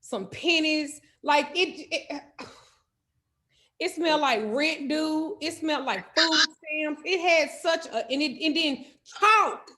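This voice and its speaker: Loud, profane, high-voiced woman storyteller. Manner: animated, loud, cursing freely. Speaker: host.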